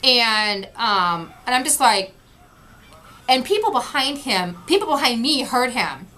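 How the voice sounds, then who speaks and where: A woman's voice: a little high, lively intonation, measured pace, sharp tone. A woman vlogger recapping an event in casual talk, frustrated and retelling what people said. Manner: frustrated, retelling with quoted voices.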